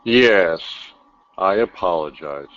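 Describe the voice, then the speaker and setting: A man's voice: low voice, lively intonation, slow, a bit bright. A man running a voice chat room, laying down the rules in a stern, gloating way. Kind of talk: casual voice chat. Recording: dull lo-fi voice chat audio.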